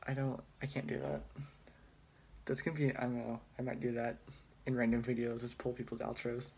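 A young man talks off the cuff into his phone, wandering between thoughts with plenty of hesitations and a wry, self-deprecating tone. His voice sits at a middling pitch with a noticeable gravelly fry, and faint ambient noise is heard behind him. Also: flat delivery, moderate pace, a little mellow. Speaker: student vlogger. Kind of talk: casual chat.

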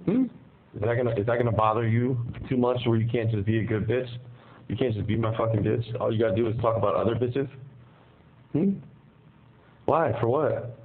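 A gravelly, low-pitched man rattles on fast and hard down a thin, tinny jail phone line with a light hiss behind him. He is profane and aggressive, and he makes threats in a heated argument. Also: fairly even intonation. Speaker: inmate on a jail call.

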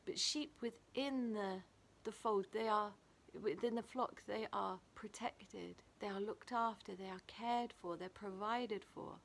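English woman, church devotional leader, calm and reflective, average pitch. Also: a little slow, vocal fry, few pauses. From England. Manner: gentle, reflective, reads and comments on a devotional. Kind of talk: daily devotional talk. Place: small garden playhouse. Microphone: camera video.

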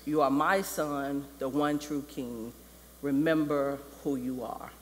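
A man's voice: mid-range voice, fairly even intonation, slow, a little hiss or hum, pitched below the performer's own voice, close to an everyday voice. A preacher voicing a dead lion king father who speaks solemnly and commandingly. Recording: long reverb of a church hall.

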